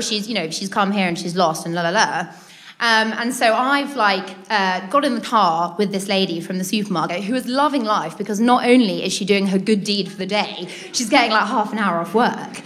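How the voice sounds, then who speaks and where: A British woman with a somewhat high voice tells a personal anecdote to a live audience. She keeps it chatty and amused, poking fun at herself as she goes. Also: a bit bright, slight background noise. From Britain. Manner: chatty, amused, self-mocking. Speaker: storyteller.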